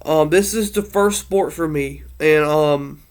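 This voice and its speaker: A man speaks in a loose, heartfelt monologue, circling back and restarting his sentences. He sounds a little emotional. His voice sits a bit high and comes through smooth and clear. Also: slow. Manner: rambling, earnest, many fillers and restarts. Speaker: sports fan vlogger.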